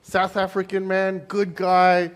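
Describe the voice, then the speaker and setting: A man's voice: sits high, completely flat delivery, slow. A young Australian man with an Australian accent giving a conversational church sermon, joking and acting out the people in the story. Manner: conversational, joking, acts out quoted voices. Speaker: pastor. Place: church hall.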